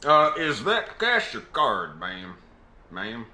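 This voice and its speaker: A man puts on a bashful older Southern American veteran, drawling and polite in a put-on Southern US accent. The bright voice swings widely in pitch. It rings out in an echoey room. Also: wildly swooping pitch, slow, heavily acted.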